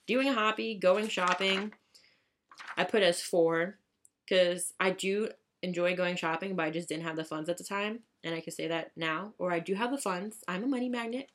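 A young woman vlogging in casual chat, profane and chatty, rising into excited high bursts.

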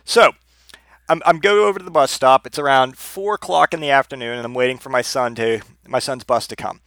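A man's voice: mid-range voice, fairly quick, fairly bright tone, no echo. A man in his thirties telling a personal story in a rambling, profane way, often repeating words. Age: 30s.

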